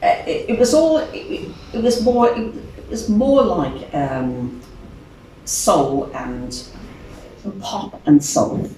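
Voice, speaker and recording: A woman's voice: on the low side, slow, slight background noise. An older woman with a Birmingham accent, a singer chatting as an interview guest, telling stories animatedly with frequent laughs. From England. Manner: chatty, animated, laughs often, acts out other voices. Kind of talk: casual storytelling interview. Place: venue room. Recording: distant mic in echoey room.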